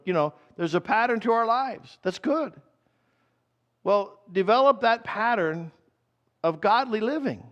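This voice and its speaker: A pastor preaching a sermon in a conversational style, slowing down to repeat key phrases. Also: male voice, a little high, fairly bright tone, highs cut off.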